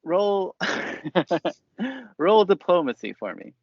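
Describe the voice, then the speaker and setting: A man's voice: high-pitched, sing-song, takes it slowly, dry recording. A man narrating and running a tabletop game in a loose, rambling way with frequent laughter. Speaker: game master. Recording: dry, dull lo-fi recording.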